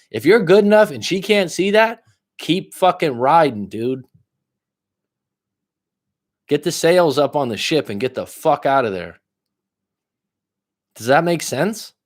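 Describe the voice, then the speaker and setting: A man giving live coaching advice, blunt and full of profanity. He leans hard on key words, then drops into low asides. His voice sits at an everyday middle pitch. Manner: blunt and profane, talking straight to a viewer; lively swings between loud emphasis and low asides. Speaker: life coach. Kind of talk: casual livestream coaching advice.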